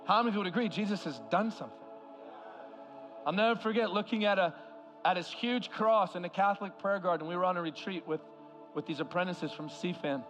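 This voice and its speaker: A man preaching an impassioned sermon as a guest speaker, swinging from loud cries to hushed words. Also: high voice, fairly quick, over music. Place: large church hall.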